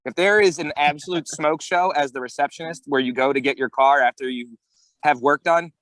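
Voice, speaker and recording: A man co-hosting a podcast in casual chat, an animated storyteller who acts out voices and swears. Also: on the high side, brisk, dry recording, rough recording. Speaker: podcast co-host.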